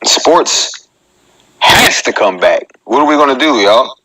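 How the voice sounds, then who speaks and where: A male comedian in his thirties hosts a casual live-stream monologue. His voice is bright and forceful, and he jokes with his viewers and talks straight to them. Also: mid-range voice, animated, slow pace, poor audio. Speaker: comedian hosting his own live show.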